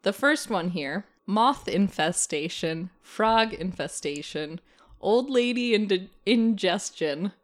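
A woman's voice: mid-range voice, animated, slow pace. A woman co-hosting a podcast in casual chat, telling rambling stories with giggles. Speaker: podcast co-host. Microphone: studio microphone.

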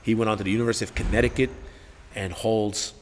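A man, a gym owner and coach telling stories in a casual, profane, animated interview, acting out what people said. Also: lowish voice, fast. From Newark, New Jersey. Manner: profane, animated storyteller who acts out quotes. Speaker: gym owner and head coach, podcast guest. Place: martial arts gym. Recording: reverberant room with faint background noise.

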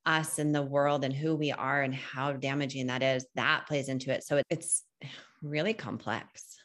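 A woman's voice: a bass voice, fairly even intonation, normal speed, a bit bright. A woman in her thirties co-hosting a casual podcast conversation, earnest and reflective. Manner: earnest, reflective, acts out quoted voices. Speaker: podcast co-host.

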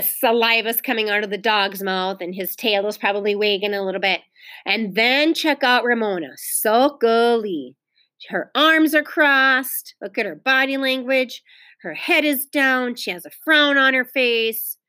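A woman's voice: fairly high pitch, sharp tone. A woman teacher reading a children's book aloud, stopping to ask questions and explain to the children. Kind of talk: read-aloud storytelling with comments.

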